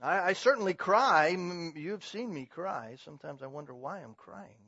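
A middle-aged man preaching a sermon in a fairly high voice, moving between loud, emphatic proclamation and quiet, personal asides. The sound is dry and a little muffled, with no room echo. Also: animated, moderate pace, few pauses, slightly rough. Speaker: pastor.

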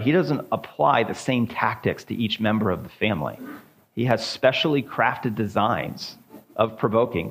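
Male pastor, low voice, informal teaching, hesitant and repetitive delivery. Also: breathy edge. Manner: halting, many ums and repeated words. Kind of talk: informal church teaching and discussion.

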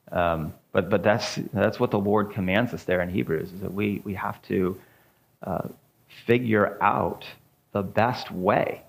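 A man, a pastor, leading an informal church teaching and discussion, talking haltingly with many ums and repeated words. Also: lowish voice.

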